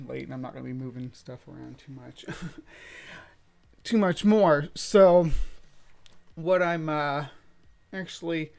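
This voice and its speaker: A man hosting a casual late-night livestream from a room at home, talking in a halting, rambling way full of filler sounds. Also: fairly high pitch, vocal fry, a little mellow. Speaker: streamer hosting a late-night bug stream. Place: home room set up for streaming.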